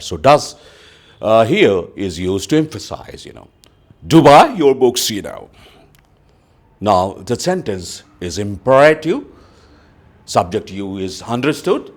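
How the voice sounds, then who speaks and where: A man teaching a grammar lesson. He explains slowly, reads example sentences aloud and often says "you know". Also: medium pitch, big pitch swings, husky. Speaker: English teacher.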